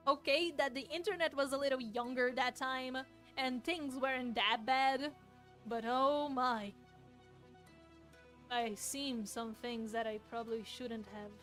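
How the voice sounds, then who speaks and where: Young adult woman, high and unhurried, rambling casual chat while drawing, faint music underneath. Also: steady tone, fairly bright tone. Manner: rambling, self-interrupting, laughs often. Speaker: artist streaming while drawing. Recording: faint music playing behind.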